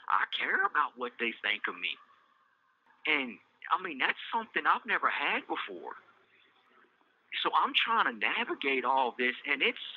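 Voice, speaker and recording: A man's voice: fairly high pitch, no room sound. An incarcerated man hosting a podcast, talking in an earnest, rambling way full of fillers, recorded on a prison phone line. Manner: earnest, rambling, many "you know" fillers. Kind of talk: reflective casual monologue. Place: maximum-security prison.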